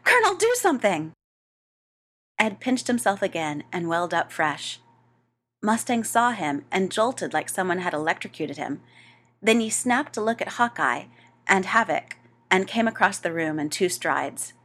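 A woman reading a story aloud as narrator, with a wry, expressive delivery. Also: lowish voice, moderate pace.

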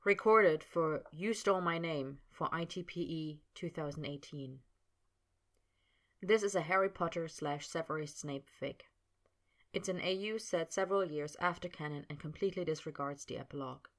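A woman narrating fan fiction aloud in a measured, steady storytelling manner. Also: deep voice.

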